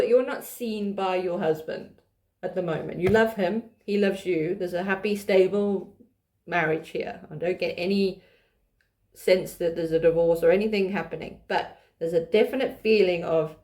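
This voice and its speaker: On her tarot channel, a woman with a mellow, medium-pitched voice speaks casually to the camera. She laughs as she reads the cards and frequently starts her sentences again.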